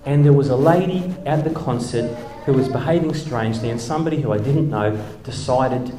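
A man's voice: medium pitch, a little fast, mellow, slight background noise. Man, middle-aged, wry storytelling, chuckling asides, echoey hall, faint background ambience. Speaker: speaker, former church leader. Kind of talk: humorous storytelling talk. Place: hall with a live audience.

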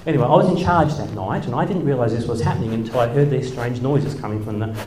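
A man's voice: mid-range voice, fast talker, darkish tone, slight background noise. Middle-aged man, wry self-deprecating storyteller on stage, echoey hall. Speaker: speaker, former church leader. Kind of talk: humorous storytelling talk. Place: hall with a live audience.

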